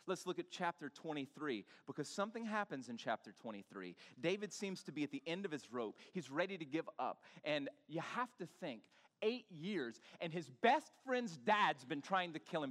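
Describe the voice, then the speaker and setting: Male pastor, animated and chatty with the pews, a touch high-pitched, long hall echo. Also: normal speed. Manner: animated, banters with the congregation. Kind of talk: sermon. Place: church sanctuary.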